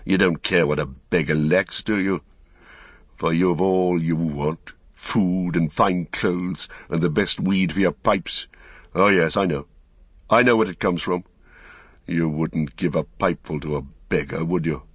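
A man's voice: low-pitched, breathy edge, no room sound, clean studio sound. Saruman, a man doing a sneering old wizard. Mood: scornful. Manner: slow, sneering, mocking. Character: bitter fallen old male wizard, scornful.

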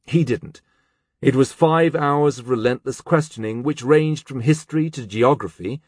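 A man narrating a novel as an audiobook, in an expressive, measured storytelling manner. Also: mid-range voice, husky, no echo, clean studio sound. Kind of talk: scripted narration.

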